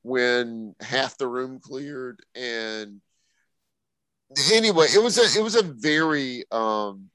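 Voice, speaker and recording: A man's voice: mid-range voice, lively intonation, takes it slowly, bright, forceful tone, dry recording, low-quality recording. A man co-hosting a music show in casual talk, joking and teasing with slangy phrasing. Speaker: radio show co-host.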